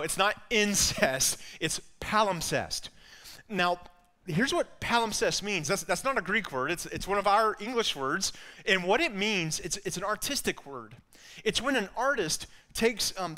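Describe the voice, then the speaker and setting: A man's voice: high voice, sharp tone. A man with an Alabama accent preaching a sermon in an earnest way, often repeating words as he builds a point. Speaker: pastor.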